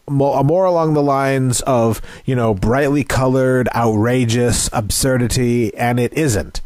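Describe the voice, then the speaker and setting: A man's voice: mid-range voice, darkish tone, no echo. A man co-hosting a casual movie review chat, talking in a crude, jokey, rambling way with many fillers. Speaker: podcast co-host.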